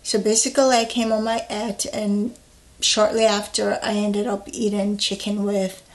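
A woman's voice: medium pitch, moderate pace. A woman chatting casually to a phone camera while she eats, rambling with fillers. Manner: relaxed, rambling, with fillers, talking while eating. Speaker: health vlogger. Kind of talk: casual vlog chat.

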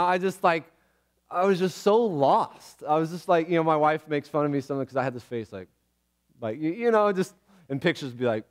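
Animated, chatty male pastor preaching. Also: high-pitched, smooth. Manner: conversational, animated, with laughs and restarts. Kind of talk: sermon. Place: church sanctuary.

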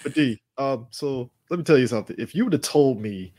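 A man's voice: mid-range voice, lively intonation, a little fast, dark tone. A man co-hosting a casual sports podcast, swearing freely and laughing as he recaps football games. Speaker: podcast co-host.

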